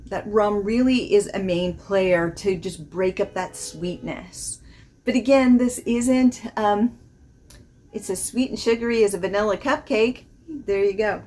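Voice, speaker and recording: A woman's voice: medium pitch, measured pace, a little mellow. A woman vlogging a casual fragrance review, chatty and rambling, laughing often as she describes the notes. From not from the American South.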